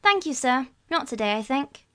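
Lady putting on a sly impatient little boy, high voice, storybook read-aloud. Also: expressive, normal speed, fairly bright tone. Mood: eager. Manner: eager and impatient. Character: crafty, impatient young boy.

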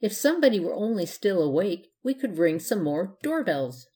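A polite little witch girl speaks in a plain, matter-of-fact way, voiced by a woman reading a storybook. She stays calm and easygoing, with a soft storybook tone. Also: mid-range voice, moderate pace, close to an everyday voice.

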